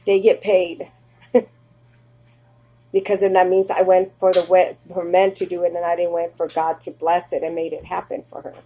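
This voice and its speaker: Mellow-voiced woman reading scripture. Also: fairly low pitch, level tone, normal speed, low-quality recording. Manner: reads archaic verses then breaks into plain personal asides. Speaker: Bible teacher.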